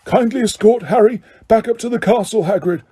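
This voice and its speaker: A man voicing an elderly male wizard headmaster who gives calm, firm orders. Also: high-pitched, moderate pace, pitched above the performer's own voice.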